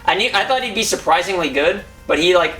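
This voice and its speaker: A quick, rambling man tears into a film he just watched, hopping from point to point and swearing without a second thought. He sits well back from the mic in an echoey room, with faint music under him. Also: high voice. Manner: rambling, excitable, swears casually. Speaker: movie reviewer. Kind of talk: casual chat. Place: home room. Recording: roomy echo, far from mic, faint music.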